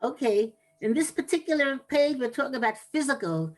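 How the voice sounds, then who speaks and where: A woman giving a talk on anger management to an audience, explaining in a measured way with pauses and restarts. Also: high voice, animated, poor audio.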